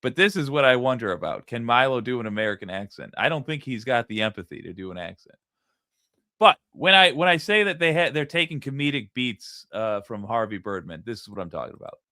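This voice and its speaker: A man's voice: medium pitch, sing-song, brisk, sharp tone, no room sound, clean studio sound. A man hosting a live stream, chatting casually, musing aloud and reading out viewer comments. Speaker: streamer host.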